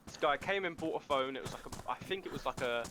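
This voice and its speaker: A man's voice: mid-range voice, expressive, fast talker, noisy background. A young man chatting casually while playing a game online, telling rambling stories with plenty of swearing. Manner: rambling storyteller, loose and swearing. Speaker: fellow player. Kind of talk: casual chat while gaming.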